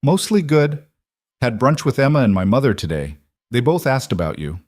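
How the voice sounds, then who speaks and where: A man's voice: medium pitch, big pitch swings, moderate pace, darkish tone, dry recording, studio quality, voice pushed up. A man voicing a poised but nervous woman who speaks in a composed, lightly wry way.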